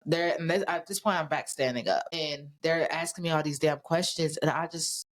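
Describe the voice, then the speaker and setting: A woman speaking as a podcast guest, telling her story in plain casual talk. She is blunt and swears often, moving quickly from one event to the next. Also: low voice. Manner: blunt, swears freely, tells events rapidly.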